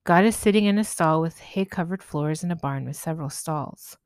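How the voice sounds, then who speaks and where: A woman, a spiritual healer, narrating a story in a gentle, measured way. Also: low voice, clean tone, dry recording.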